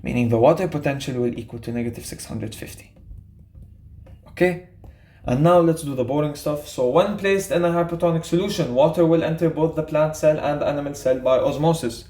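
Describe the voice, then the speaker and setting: Young guy w/ tinged tutoring bio, kinda high voice, super casual, keeps saying okay?. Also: brisk, darkish tone. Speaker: biology tutor. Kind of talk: explaining a quiz to students.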